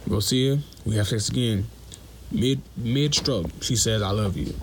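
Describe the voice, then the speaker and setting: Casting note: young male caller, lowish voice, slangy and blunt, faint noise behind. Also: normal speed. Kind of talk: telling a personal story.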